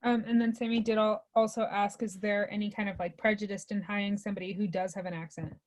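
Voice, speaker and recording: A woman's voice: mid-range voice, little pitch movement, fast, darkish tone. A woman student moderator relaying audience questions to a guest speaker in a friendly way.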